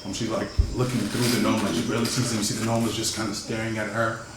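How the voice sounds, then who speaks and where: A man narrating a tabletop role-playing session as game master, feeling his way through descriptions with fillers and restarts. He sits away from the mic in a very echoey room, with steady noise behind him. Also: fairly low pitch, recorded from a distance. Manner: halting, many fillers and restarts.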